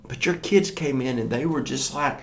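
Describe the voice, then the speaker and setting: A man's voice: mid-range voice, moderate pace. A man preaching a morning sermon in a conversational storytelling way, acting out the voices of the people he quotes.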